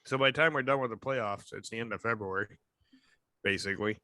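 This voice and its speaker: A man co-hosting a fan podcast who keeps the talk loose with teasing jokes. His voice is bright and forceful. It sounds close and dry, with no room echo. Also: lowish voice, brisk. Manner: joking, teasing banter. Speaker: podcast host. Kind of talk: casual chat.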